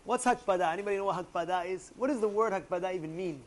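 A young man with a high-pitched voice teaches a religious lesson to a class. He tells stories in an animated way and keeps asking his listeners rhetorical questions. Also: rapid-fire. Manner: animated storyteller who acts out angry outbursts.

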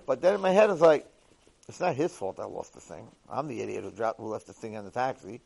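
A man at a middle pitch tells a first-person story as a lecture. He acts out every exchange, dropping to a near mutter and then bursting out loud. His delivery stays animated, with plenty of quick asides. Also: vocal fry, a little hiss or hum. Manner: animated, acts out dialogue, swings between hushed and loud. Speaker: Torah lecturer.

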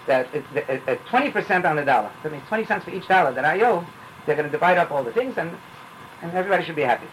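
A man with teaching an informal Torah class, telling parables in a rambling, animated way and dropping in phrases. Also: fairly high pitch, a little hiss or hum, low-quality recording.

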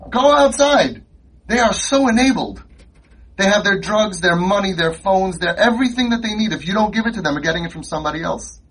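Speaking quickly in a high-pitched, slightly bright and somewhat rough voice, a man gives a rhetorical, impassioned conference speech and repeats lines for emphasis. He is a conference speaker in a conference hall, and the recording is low quality.

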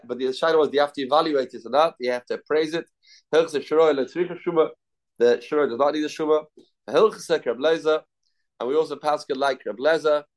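A man teaching a daily Talmud class, reading Aramaic lines and then translating and explaining them. He repeats key phrases and asks and answers his own questions. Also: medium pitch.

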